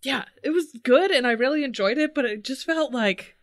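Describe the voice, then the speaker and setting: A woman's voice: high voice, brisk, dry recording, studio quality. A woman co-hosting a podcast in casual chat, laughing often and swearing freely. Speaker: podcast co-host.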